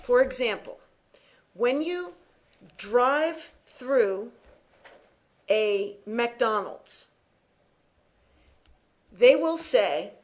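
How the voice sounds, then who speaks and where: Woman, English teacher, classroom lecture, slow and deliberate, repeats herself, fairly high voice. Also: animated, lo-fi sound.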